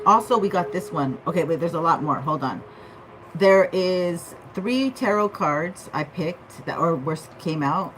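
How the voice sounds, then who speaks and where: A woman's voice: on the low side, animated, a little slow. Chatty woman reading tarot, noisy room. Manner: chatty, frequent "okay?" check-ins, laughs often. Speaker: tarot reader.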